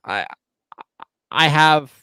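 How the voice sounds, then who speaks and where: A man's voice: a little high, expressive, very slow, bright, forceful tone, clear, resonant tone, no room sound. A middle-aged man co-hosting a live talk show, telling stories and teasing his partner in a dry, wry way. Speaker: co-host of a live paintball show. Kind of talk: casual live-stream banter.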